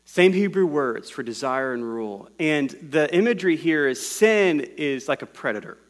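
Higher-voiced man preaching a teaching sermon. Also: lively intonation, normal speed. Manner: explains scripture word by word in a teaching tone. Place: room with a congregation.

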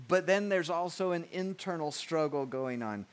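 A man preaching a sermon, talking conversationally and reading scripture slowly and softly. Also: a little high, lively intonation. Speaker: pastor.

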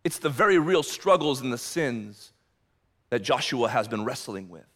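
A man's voice: mid-range voice, animated, normal speed, a bit bright. A male pastor preaching a sermon, emphatic and passionate, often repeating words as he builds momentum.

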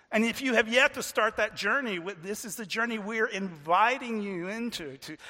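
High bright-voiced preacher in a hall. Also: male voice. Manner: earnest, repeats words, slows to stress points. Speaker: pastor. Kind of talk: sermon.

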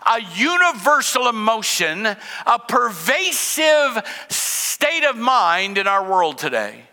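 A man's voice: high-pitched, bright, forceful tone, big-room sound. An older man preaching a sermon in a conversational way, asking rhetorical questions and mixing in humor. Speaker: pastor.

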